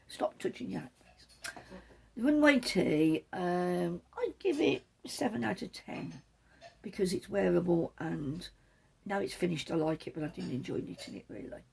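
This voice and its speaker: A woman's voice: mid-range voice, lively intonation, normal speed, gravelly, a little mellow, slightly rough. A woman hosting a knitting podcast from the back room of her home, chatting casually and wandering off topic now and then. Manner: rambling, self-deprecating, digresses. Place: back room at home, patio door open.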